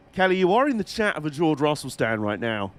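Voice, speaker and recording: A man's voice: fairly high pitch, fairly bright tone. A young man chatting casually with viewers as he streams a game, chatty and sweary with a dry wit. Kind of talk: casual live-stream chat while gaming.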